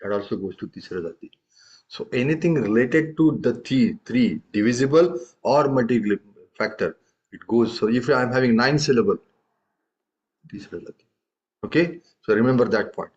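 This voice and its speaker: A man's voice: mid-range voice, brisk, darkish tone. A man teaching a tabla lesson, explaining patiently and often checking in with questions. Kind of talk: live music lesson. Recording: dull lo-fi audio.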